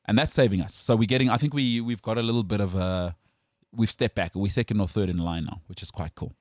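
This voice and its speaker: A man's voice: lowish voice, fast talker, a little mellow, dry recording. A man with a South African accent hosting a sports talk show, opinionated and joking, rambling with restarts in studio banter. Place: radio studio.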